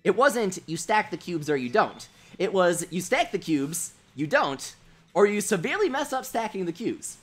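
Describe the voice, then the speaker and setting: Animated young man telling a story. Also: high-pitched, normal speed. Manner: animated, wry, self-mocking storytelling. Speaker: livestream host. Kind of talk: storytelling on a livestream.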